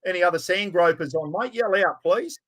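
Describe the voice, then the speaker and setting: A man's voice: sits high, brisk, fairly bright tone. A man with an Australian accent hosting a casual chat, blokey and talkative, calling everyone mate. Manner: chatty, blokey, calls people mate. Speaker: podcast host.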